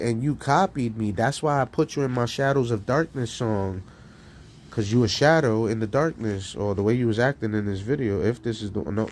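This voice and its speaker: A man talking casually on his live stream, rambling and profane, laughing between lines and swinging from loud outbursts to low mutters. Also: slight background noise. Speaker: streamer and rapper.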